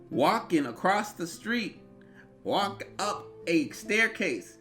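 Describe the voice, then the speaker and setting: Bright-voiced young man telling a story. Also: fairly high pitch. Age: 20s. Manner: animated, rambling, bursts into yelps. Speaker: vlogger. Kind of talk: storytime vlog.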